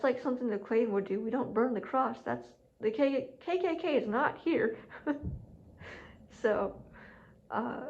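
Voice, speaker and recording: A woman's voice: medium pitch, gravelly, darkish tone. Young woman vlogging, talks casual and laughs a lot, kinda dull lo-fi sound. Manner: chatty, laughs often, acts out quoted voices. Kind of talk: casual storytelling to camera. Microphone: camera mic. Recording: muffled lo-fi camera audio.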